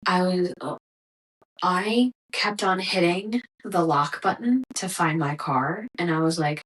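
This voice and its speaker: Woman, young adult, podcast host, casual rant, swears a lot, exasperated, slightly low voice. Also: slow, a bit bright, rough recording. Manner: profane, exasperated, ranting. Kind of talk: casual ranting monologue.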